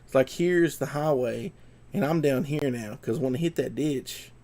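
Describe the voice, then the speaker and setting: Gravelly young man rambling. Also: mid-range voice, normal speed, dark tone. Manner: rambling, repeats himself, trails off. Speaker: vlogger. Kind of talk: casual storytelling to camera.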